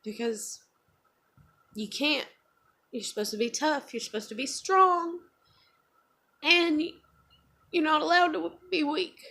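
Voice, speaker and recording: A woman's voice: high-pitched, slow pace, pauses often, bright, forceful tone. A woman, talking emotionally and rambling with lots of fillers in a confessional vlog. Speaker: vlogger.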